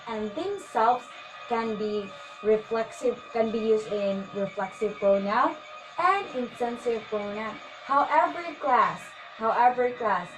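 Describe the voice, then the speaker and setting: A woman's voice: fairly high pitch, rough recording. A woman teacher giving a grammar lesson to her class, patiently repeating her points and often addressing the class. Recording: music playing under the voice.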